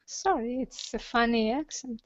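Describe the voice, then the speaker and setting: A woman's voice: on the high side, a little slow, no echo, muffled recording. A woman, co-hosting and giving short, giggly replies in a casual chat.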